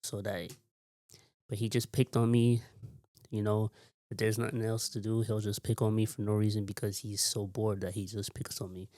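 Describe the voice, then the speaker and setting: A man telling a long, rambling story in a casual vlog, repeating himself and filling pauses with "like". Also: lowish voice, level tone, a little mellow, no echo, studio quality. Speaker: vlogger.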